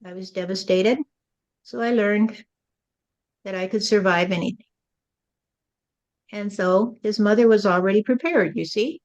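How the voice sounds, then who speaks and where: A woman's voice: medium pitch, a little slow, pauses often, lo-fi sound. A woman acting as a spirit medium, relaying channeled messages in a musing way and often tagging her lines with "you see.".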